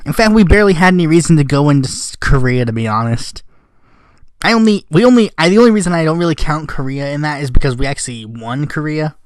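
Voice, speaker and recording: A man's voice: on the high side, lively intonation, fast talker, smooth, no room sound. Sarcastic rambling male vlogger. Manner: sarcastic, rambling, with self-corrections. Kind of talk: casual commentary.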